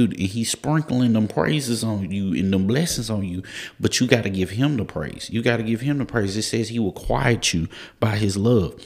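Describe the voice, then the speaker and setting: Man, very low voice, casual devotional preacher, repeats lines for emphasis, slangy. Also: a little mellow. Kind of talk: informal Bible devotional talk.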